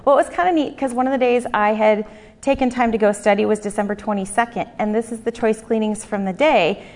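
A woman's voice: medium pitch, a little mellow, in a large hall. A woman in her thirties giving an earnest Bible teaching talk, reading passages aloud and stressing repeated words.

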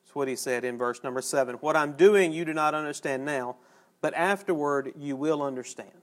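Folksy man preaching a sermon. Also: on the high side. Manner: folksy, conversational preaching with emphatic pauses.

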